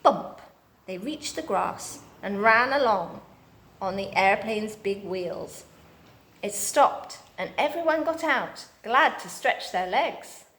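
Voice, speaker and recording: Woman reading a kids book out loud, slow and steady. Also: medium pitch. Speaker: storybook reader. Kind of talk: reading a children's book aloud.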